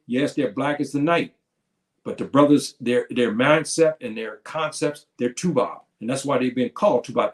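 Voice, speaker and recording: A man giving an informal, preaching talk, repeating himself and restarting often. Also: medium pitch. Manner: preaching, repetitive, lively with many restarts. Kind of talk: informal lecture to listeners.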